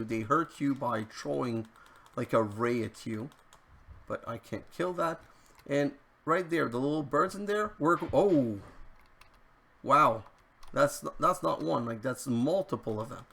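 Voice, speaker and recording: A man's voice: medium pitch, gravelly, a bit bright. A man hosting a let's play, giving chatty gameplay commentary and talking to the game as he plays. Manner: chatty, easily frustrated, talks to the game.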